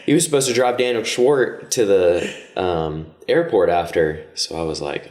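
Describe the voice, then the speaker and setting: A friendly male podcast guest with a very low voice tells rambling, easygoing stories. He speaks in a relaxed, conversational way. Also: moderate pace. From Austin area, Texas. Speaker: podcast guest, jiu-jitsu coach. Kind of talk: casual storytelling.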